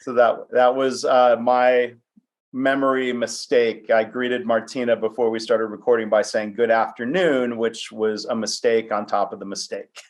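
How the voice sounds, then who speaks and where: A man with a mid-range voice that barely changes pitch hosts a conversational interview podcast at a normal speed. He comes across as chatty and self-deprecating, with lots of fillers.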